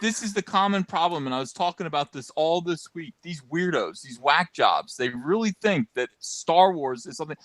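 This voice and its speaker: Loud, mocking podcast co-host, a man. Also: a little high, moderate pace, hardly any pauses, no room sound, clean studio sound. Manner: loud, mocking and animated, with sarcastic asides. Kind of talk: casual ranting commentary.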